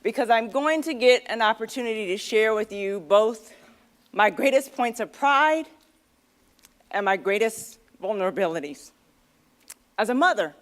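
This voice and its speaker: A woman's voice: fairly high pitch, lively intonation, a little slow, long pauses. A middle-aged woman speaking at a convention luncheon, telling a candid, self-deprecating personal story in a chatty way with many fillers, at a podium microphone.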